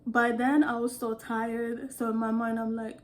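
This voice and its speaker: A woman telling casual storytime anecdotes in an animated way, often laughing and acting out what people said. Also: a little high, measured pace. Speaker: vlogger.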